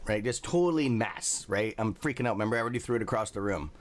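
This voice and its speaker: A man's voice: medium pitch, quick pace. A man hosting a livestream, telling rambling stories with a lot of profanity. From Canada. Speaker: livestream host. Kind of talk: casual livestream chat.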